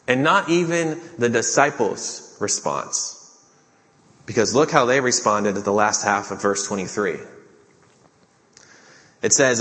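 A pastor with a medium-pitched, bright and forceful voice preaches earnestly, reading and explaining scripture and acting out the disciples' pleas. The recording carries a long hall reverb.

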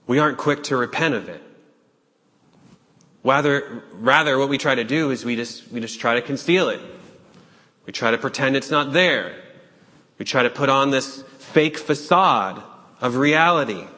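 A man preaching a sermon, urgent and questioning, with dramatic pauses. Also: mid-range voice, pushed and bright. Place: church sanctuary. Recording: long hall reverb.

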